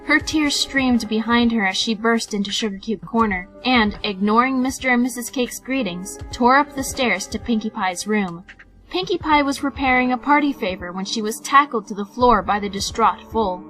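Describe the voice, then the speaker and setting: A woman reading a story aloud with an animated, expressive delivery. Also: a little high, normal speed, faint music behind, rough recording. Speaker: fanfiction reader. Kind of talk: storybook narration.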